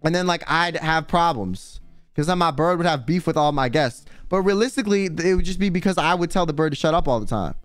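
A livestream host with a slightly high, animated voice talks briskly in casual stream chat, rambling and profane, leaning heavily on "like" and dramatic emphasis. The recording is dry, with faint music behind him.

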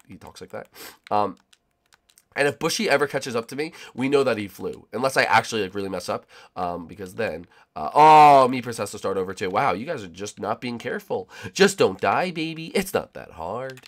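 A young man giving excitable, rambling commentary as he plays a game with friends, often shouting "oh, baby". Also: fairly low pitch. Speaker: gaming YouTuber. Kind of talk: excited let's-play commentary.

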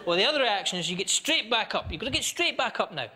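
A Scottish man doing a stand-up comedy set, animated and chatty as he tells stories to a live audience. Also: high voice, fast, a little hiss or hum. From Scotland. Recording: live show with audience laughter.

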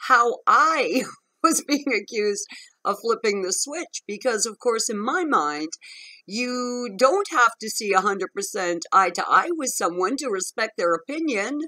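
Give me a frank, emphatic woman vlogger recounting her story to camera with a bright, forceful voice. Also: fairly high pitch, expressive, a little slow, poor audio. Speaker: vlogger on narcissistic abuse. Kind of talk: candid personal storytelling to camera.

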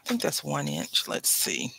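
A woman's voice: low voice, wildly swooping pitch, normal speed, vocal fry, pushed and bright, slightly rough, dry recording, rough recording. A woman chatting casually while she works on a craft project, rambling and wryly complaining in an easygoing way.

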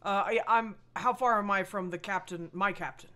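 A woman's voice: medium pitch, moderate pace, over a noisy crowd. A woman playing a tabletop game who asks the game master questions about the scene. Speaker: player. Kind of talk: casual tabletop play.

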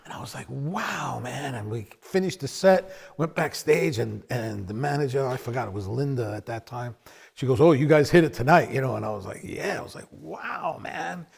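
A man, a bassist, telling stories in a sit-down conversation, acting out quotes with big swings in his voice. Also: moderate pace, gravelly, husky. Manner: animated storyteller, acts out quotes with big pitch swings.

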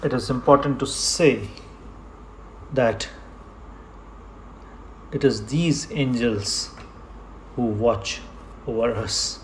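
Slow, deliberate male preacher. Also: mid-range voice, slight background noise. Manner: slow, emphatic preaching with repetition. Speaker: pastor. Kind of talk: sermon. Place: church.

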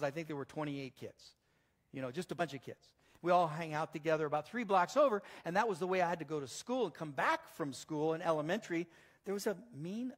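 A male pastor preaching a sermon in a church, telling stories in an animated way that swings between loud and soft. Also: fairly high pitch.

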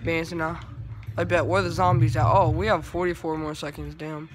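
A young man giving casual, chatty commentary while he plays a video game, trash-talking and breaking into excitable bursts. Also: a little high, moderate pace. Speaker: gamer.

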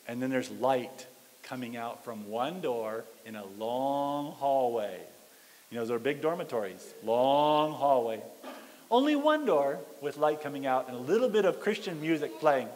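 A male pastor telling a story in a sermon, with an animated, dramatic delivery, in a church fellowship hall. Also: medium pitch, measured pace.

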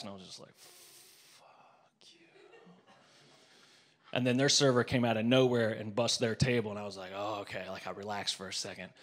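A stand-up comedian in his forties, his voice sitting in an ordinary middle pitch. He spins a story with hushed, muttered asides and then bursts into loud, exasperated rants. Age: 40s.

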